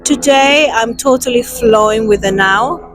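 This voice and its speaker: A woman's voice: a little high, noisy background. A woman hosting a self-healing talk, guiding a meditation and then speaking emphatically about inner awareness, recorded outdoors. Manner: slow, soothing and emphatic. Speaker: self-healing channel host. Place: outdoors with passers-by.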